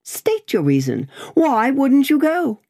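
A woman voicing a blustering, proud middle-aged male lawyer who speaks slowly and emphatically, as a character in an audiobook. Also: high voice, huge pitch swings, mellow, no echo, studio quality, voice pushed up, exaggerated voice. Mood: indignant.

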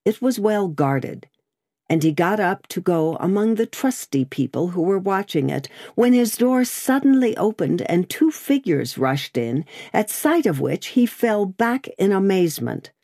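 A woman narrating an audiobook in an expressive storytelling style. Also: mid-range voice, measured pace, dry recording, studio quality. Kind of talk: scripted narration.

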